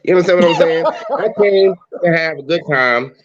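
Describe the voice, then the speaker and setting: A man's voice: a little high, brisk, dull audio. A man in casual podcast talk, blunt and profane, ranting with jokes. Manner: blunt, profane, jokey rants. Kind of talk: casual chat.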